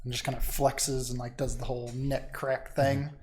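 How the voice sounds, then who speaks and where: Young male game master, relaxed narration full of ums, easy chuckles. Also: mid-range voice, moderate pace, a little hiss or hum.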